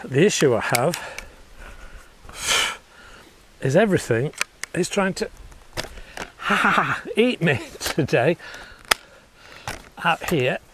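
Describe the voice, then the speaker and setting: Lively chatty British man. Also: on the high side, very slow, pauses often, background noise. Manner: chatty, laughs often, self-mocking. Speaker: host. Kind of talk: casual airgun review. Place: outdoors in a paddock.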